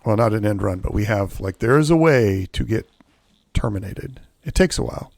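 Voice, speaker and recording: A man's voice: on the low side, lively intonation, moderate pace, gravelly, a little mellow, dry recording. A man streaming a pirate game live, rambling through his rules with restarts and muttering asides as he plays. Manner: rambling, self-correcting explanations; mutters under his breath while playing. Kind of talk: casual live gameplay commentary.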